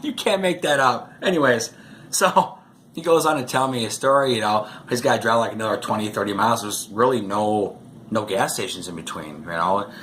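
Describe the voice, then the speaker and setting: A man's voice: fairly low pitch, fairly quick, fairly bright tone, slight background noise. A man vlogging, telling rambling stories in a casual way, chuckling often and saying "you know" a lot. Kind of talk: casual storytelling to camera.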